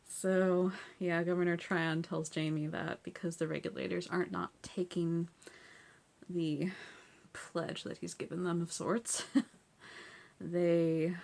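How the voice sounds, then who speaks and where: A woman's voice: on the low side, gravelly, a little mellow. A woman hosting a casual TV episode recap. She is chatty, says "like" and "so yeah" a lot, and laughs often between points.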